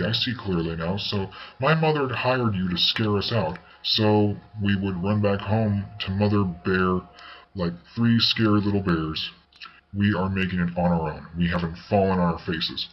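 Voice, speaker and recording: A man's voice: sits low, measured pace, breathy edge, dull audio. A man reading a storybook voices an angry young mother who accuses an old neighbour. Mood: indignant. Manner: indignant, accusing.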